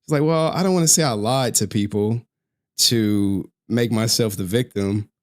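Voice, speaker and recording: A man's voice: on the low side, normal speed. A male streamer in a casual, profane rant to his viewers, slangy and often laughing.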